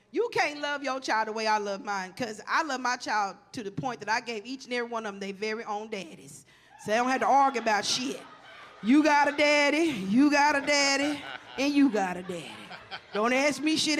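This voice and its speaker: Forties woman comic on a stage; profane, animated storyteller with a bright, forceful voice. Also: high voice. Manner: profane, animated, talks straight to the audience. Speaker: stand-up comedian. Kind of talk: stand-up comedy storytelling.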